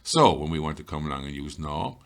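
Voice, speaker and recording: A man teaching an Irish grammar lesson, explaining patiently and reading example sentences slowly. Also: extremely low pitch, expressive, gravelly, a bit bright.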